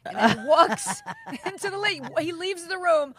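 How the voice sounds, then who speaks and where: A middle-aged woman co-hosts a casual podcast. Her voice sits high, and she tells stories in an animated way, jumping into quoted voices and swearing freely. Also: moderate pace. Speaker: podcast co-host. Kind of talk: casual chat.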